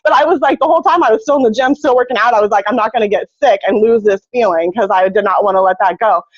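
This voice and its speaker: An excited woman tells her story on a group video call, laughing often and jumping up in pitch as she gets going. Her voice is dry and close, with the dull, lo-fi sound of call audio. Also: fast talker, dry recording. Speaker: team member sharing a testimonial on a group call. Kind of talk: casual testimonial on a video call.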